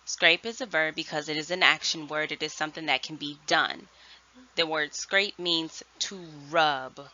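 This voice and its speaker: A woman first grade teacher giving a virtual lesson, speaking slowly and enunciating clearly. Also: low voice, bright, forceful tone. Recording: dull lo-fi sound.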